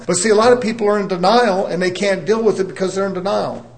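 A man's voice: high-pitched, quick pace. Emphatic man preaching a sermon. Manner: emphatic, conversational preaching with repetition.

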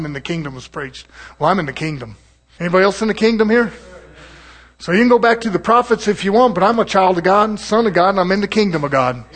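High-voiced preacher, emphatic. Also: male voice. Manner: emphatic, confrontational preaching with chuckles. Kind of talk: sermon.

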